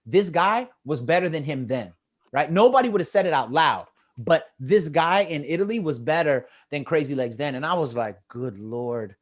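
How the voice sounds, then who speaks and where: Animated American man telling stories on a video call. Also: on the high side, moderate pace. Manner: animated, acts out quotes with rising voice. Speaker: guest storyteller. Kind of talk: casual storytelling on a video call.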